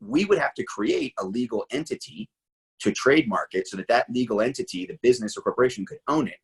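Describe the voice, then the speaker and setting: A man's voice: mid-range voice, animated, fast, slightly rough, rough recording. A middle-aged man talking animatedly as an interview guest, full of asides and rhetorical questions. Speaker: interview guest, firearms trainer.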